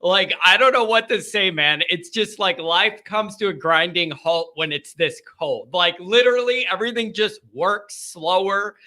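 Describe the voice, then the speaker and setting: A man's voice: high-pitched, moderate pace, few pauses, sharp tone. A man hosting a live fan call-in show, talking in a casual, rambling way with lots of "like" and "you know". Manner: rambling, conversational, filler-heavy.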